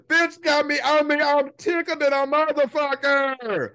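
A woman with a high voice holds forth as a podcast host, swearing constantly and leaning hard on every curse. Her talk is casual commentary delivered as an emphatic rant. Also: steady tone, a bit bright. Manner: profane, emphatic, drawn-out swearing.

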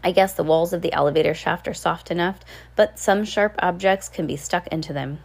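An earnest, inventive teenage girl in a storybook, as a woman reading aloud puts her on. She pleads and reasons in turn, a little higher than the reader's own voice. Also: brisk, gravelly.

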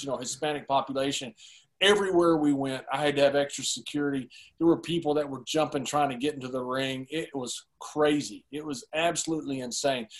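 Male interview guest, fairly high voice, animated storyteller who laughs along.

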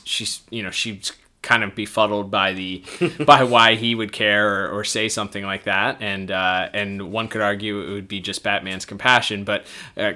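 A man's voice: on the low side, bright, forceful tone. A man co-hosting a podcast, discussing an episode in a hesitant casual way with many fillers. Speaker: podcast co-host.

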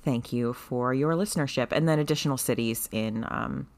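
A woman's voice: very deep voice, moderate pace, vocal fry, darkish tone. A woman co-hosting a book club podcast in casual chat, wry and chatty with frequent laughs. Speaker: podcast co-host.

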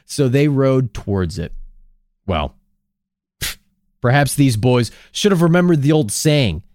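Animated male podcast host, dry sound. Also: medium pitch, takes it slowly, pauses often, dry recording. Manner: jokey, sarcastic asides. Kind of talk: casual storytelling chat.

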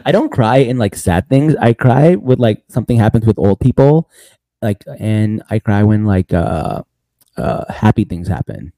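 A man's voice: fairly low pitch, very animated, normal speed, creaky, mellow, dry recording. A man hosting a podcast, recapping casually in a loose rambling way, laughing often and saying "bro" a lot. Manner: laughs often between lines. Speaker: podcast host.

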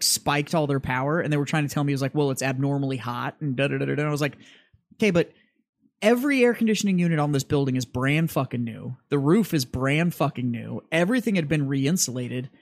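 A man's voice: mid-range voice, animated, fast talker, no echo, clean studio sound. A man co-hosting a podcast, explaining a story in casual, profane chat. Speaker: podcast co-host.

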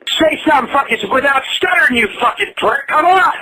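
A man shouting furious threats and curses at a prank caller over the phone. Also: very high-pitched, fairly quick, low-quality recording. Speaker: angry prank call target.

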